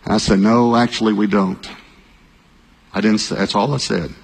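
Male pastor, husky low voice, long reverb of a large church hall. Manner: animated storytelling, bursts of shouting and quick repeated phrases. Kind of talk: sermon.

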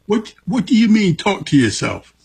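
A man hosting an interview, asking slow, measured questions. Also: high-pitched, very animated, creaky, darkish tone, husky. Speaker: host.

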